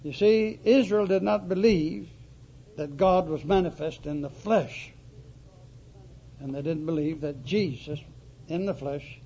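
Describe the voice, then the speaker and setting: A man preaching a sermon, emphatic and deliberate, stressing words through repetition. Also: a little high, dark tone, a little hiss or hum. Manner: emphatic, slow, dramatic repetition. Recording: dull lo-fi recording.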